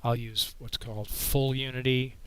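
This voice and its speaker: A man hosting a casual livestream with a frog in his throat. He talks in a relaxed, rambling way and answers viewers' questions with a microphone right at his mouth. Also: medium pitch, moderate pace, clear, resonant tone, poor audio. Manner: relaxed, rambling, reading chat questions aloud. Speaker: astronomy livestream host. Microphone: microphone held right in front of his mouth.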